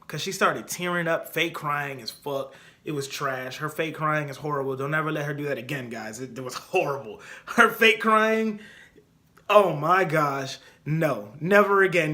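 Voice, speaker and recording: A young man hosting a casual solo podcast, giving opinionated and animated commentary and repeating his points for emphasis. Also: fairly high pitch. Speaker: podcast host.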